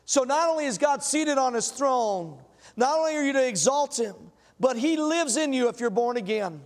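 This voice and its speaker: A man's voice: extremely high pitch, expressive, normal speed. A man preaching a sermon in a church, telling folksy stories and asking the congregation questions. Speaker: pastor. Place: church sanctuary. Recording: long hall reverb.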